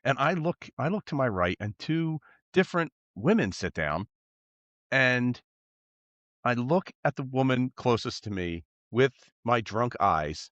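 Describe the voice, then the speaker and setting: A man's voice: mid-range voice, animated, measured pace, a bit bright, no echo, muffled recording. A man co-hosting a podcast who tells a long story in a casual, rambling way, laughing as he goes. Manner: rambling, laughing anecdote teller. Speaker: podcast co-host.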